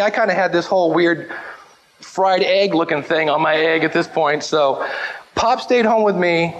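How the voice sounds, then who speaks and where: A man telling humorous family stories about his mother to a live audience, animated and acting out the voices in his anecdotes. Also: on the high side, slight background noise, low-quality recording. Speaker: speaker sharing memories of his mother. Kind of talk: storytelling talk to a live audience.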